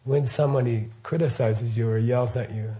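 Man, middle-aged, casual dharma talk, rambling, checks in with the room, average pitch. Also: steady tone, normal speed, mellow, slight background noise. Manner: rambling, asks listeners questions, frequent okay and right. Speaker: Buddhist teacher. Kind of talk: casual spoken teaching.

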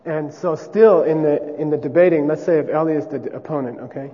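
A man's voice: fairly high pitch, fairly quick, mellow, highs cut off. Man teaching a class in a reverberant hall. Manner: casual, repeats "okay?", demonstrates chants.

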